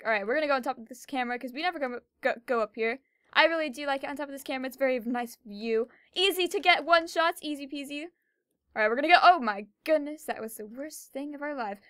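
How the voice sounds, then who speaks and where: A young woman giving fast, chatty, excitable commentary while playing a video game. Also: fairly high pitch, smooth, no room sound, studio quality. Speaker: gaming video creator. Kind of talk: casual gameplay commentary.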